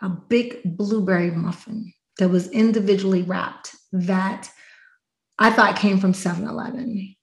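A woman hosting a podcast, chatting casually and telling stories with lively acted-out quotes. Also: mid-range voice, a little slow, vocal fry, reverberant, poor audio. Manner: animated storyteller, acts out quotes. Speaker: podcast host. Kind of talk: casual chat.

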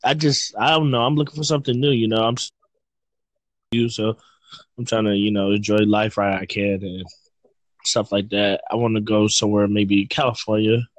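A man's voice: lowish voice, flat delivery, normal speed, no room sound, rough recording. A man from Virginia, hosting a casual chat and rambling as he searches for words. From Virginia, United States. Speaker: host.

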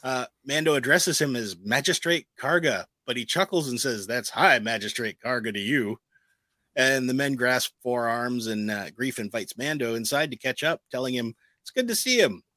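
Man, podcast co-host, bright forceful tone, dry close sound, steady recap narration. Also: medium pitch, dry recording, rough recording. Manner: reads plot summary in a steady narrating tone, trades quick asides. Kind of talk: casual chat and episode recap narration.

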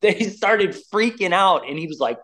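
A middle-aged man telling a band story in casual chat, animated and acting out the voices of the people in it. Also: high-pitched, moderate pace. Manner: animated storyteller, acts out quoted voices, says "like" and "dude" a lot. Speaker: interview guest, musician.

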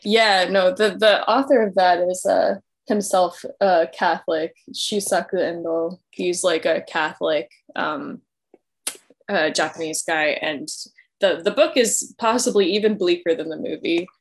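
Easygoing woman with a lowish voice. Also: measured pace. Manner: easygoing, laughs often, agreeable. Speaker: podcast guest. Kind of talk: casual book-club chat.

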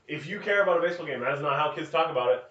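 A man's voice: on the high side, lively intonation, racing, fairly bright tone. A man co-hosting a podcast, joking casually about a movie and laughing often. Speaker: podcast co-host. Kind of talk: casual movie review chat. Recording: echoey, distant, lo-fi mic.

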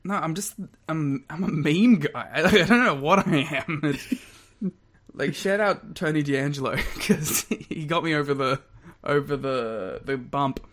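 A man's voice: on the high side, a bit bright. Laughing young man on a podcast. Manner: laughs often, quick asides, playful. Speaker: podcast co-host. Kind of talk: casual podcast banter.

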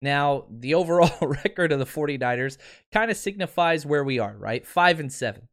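A man's voice: fairly high pitch, normal speed. A man hosting a live solo sports podcast, chatting casually and reading viewer comments aloud. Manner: energetic, chatty, frequent fillers. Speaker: podcast host.

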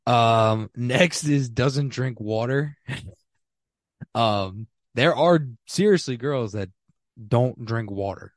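A man's voice: medium pitch, slow pace, dry recording, clean studio sound. A man in his twenties hosting a casual solo podcast, talking bluntly and emphatically in slangy everyday speech with frequent restarts. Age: 20s. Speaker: podcast host. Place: small apartment.

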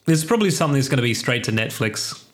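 A man in his forties with a plain, mid-pitched voice. He is dry and opinionated, flatly contradicting the others in casual podcast chat. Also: fast talker, a little hiss or hum. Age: 40s. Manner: wry, opinionated. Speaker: podcast co-host. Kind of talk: casual banter.

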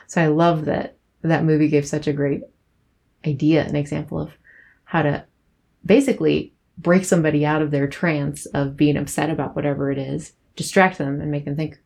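A woman's voice: deep voice, fairly quick, creaky. A young woman hosting her own podcast, talking in a casual, rambling, giggly way as she reflects on past episodes. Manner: rambling, giggly, soft-spoken. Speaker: podcast host.

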